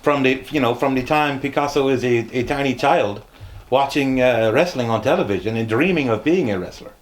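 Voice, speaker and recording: A man from Mexico, a retired wrestler and interview guest, speaking deliberately and referring to himself in the third person. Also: medium pitch. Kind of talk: casual interview chat.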